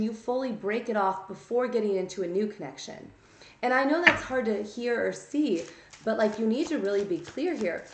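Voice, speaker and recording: A woman's voice: fairly high pitch, expressive, moderate pace, a bit bright, slight background noise. A woman giving a casual tarot reading, blunt and chatty, scolding her listeners and checking in with "okay?". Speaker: tarot reader. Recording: echoey room.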